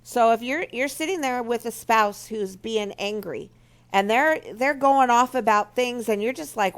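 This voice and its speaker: A woman's voice: a little high, measured pace. A woman speaking for a marriage ministry, earnestly telling a personal story and teaching from it. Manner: earnest, storytelling, acts out remembered quotes. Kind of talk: personal testimony and teaching talk.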